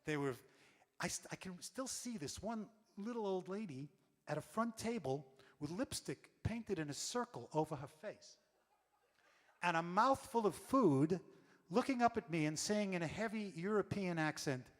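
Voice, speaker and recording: Brief: wry storyteller man, slightly high voice, on a reverberant stage. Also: normal speed. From New York. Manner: animated, wry. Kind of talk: comic stage monologue.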